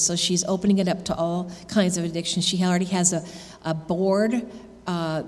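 A woman's voice: lowish voice, darkish tone. A woman giving an earnest sermon testimony from a church, telling a story with many restarts. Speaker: church speaker. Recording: long hall reverb.

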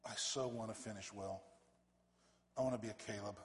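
A man, a pastor, preaching a fervent sermon that swells to loud emphatic peaks and drops back low. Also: steady tone, moderate pace, pauses often. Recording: reverberant church hall.

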